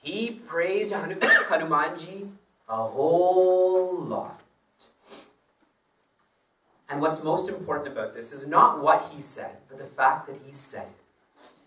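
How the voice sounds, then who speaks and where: Speaking unhurriedly in a bright, forceful, fairly high voice, a male spiritual teacher tells his own stories in a chatty, laughing manner. The devotional discourse sounds roomy, as if recorded from a distance.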